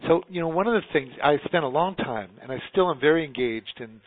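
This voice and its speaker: A man's voice: fairly high pitch, expressive, brisk, no room sound. A man from New York talking earnestly in a casual conversation, rambling with many restarts. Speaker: guest. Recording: tinny phone-like line.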